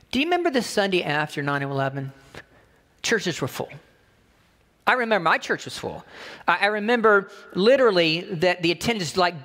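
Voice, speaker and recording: A man's voice: high-pitched, fairly bright tone, in a large hall. A man who is a pastor preaching a sermon in an emphatic, conversational way, repeating his key phrases.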